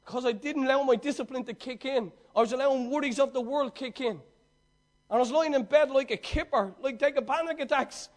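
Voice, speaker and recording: A man preaching a sermon, swinging between loud, excited storytelling and hushed, earnest talk, with a conversational, slangy manner. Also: extremely high pitch, brisk.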